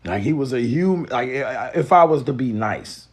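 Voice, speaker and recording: A man from the Mississippi Delta, giving a profane, animated live-stream lecture to his viewers. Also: mid-range voice, normal speed, poor audio. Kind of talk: casual live-stream monologue.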